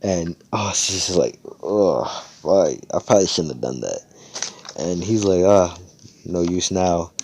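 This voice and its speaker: A young man talks through a fan-made story in a loose, rambling way, swearing freely and slipping into the characters' voices. His voice sits low and sounds mellow. It comes through a voice-chat mic. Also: big pitch swings, unhurried, slight background noise. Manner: rambling, profane, acts out characters' lines. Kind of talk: casual improvised fan-fiction storytelling. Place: Discord voice chat. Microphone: headset or desk mic on voice call.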